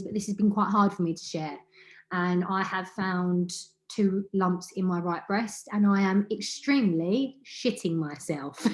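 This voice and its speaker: A woman hosting an online women's community call, sharing openly and encouraging the listeners in quick bursts with laughs between phrases. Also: mid-range voice, echoey room. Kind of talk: heartfelt open sharing. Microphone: video call.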